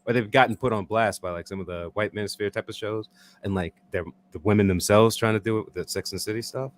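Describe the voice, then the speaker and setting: A man's voice: on the low side, steady tone, quick pace, slight background noise. A man in easygoing casual chat, using lots of fillers.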